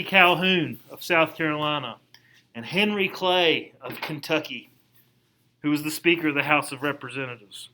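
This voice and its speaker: A male history teacher with a high, bright voice gives a recorded lesson. He explains things in a loose, chatty way and drops slangy asides as he goes. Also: poor audio. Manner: casual, conversational lecturing with slangy asides. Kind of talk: recorded classroom lecture.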